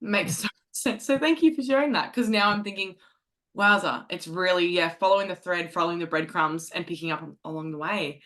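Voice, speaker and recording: A woman host with a bright, forward voice, gushing with affirmation in a relaxed podcast interview. She cheers her guest on and moves the talk along with easy questions. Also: fairly low pitch, brisk. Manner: effusive, warmly affirming.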